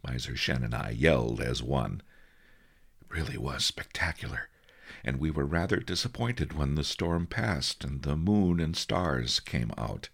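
A man narrating a story in a measured, storytelling way. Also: extremely low pitch, lively intonation, vocal fry, fairly bright tone, slightly rough. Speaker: audiobook narrator. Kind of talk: scripted narration.

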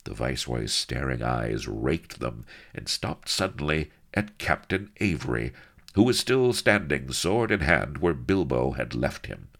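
A man reading a comic adventure aloud, with a very low, gravelly voice that rises and falls with lively, theatrical expression. He throws in wry, chatty asides as he narrates. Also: measured pace.

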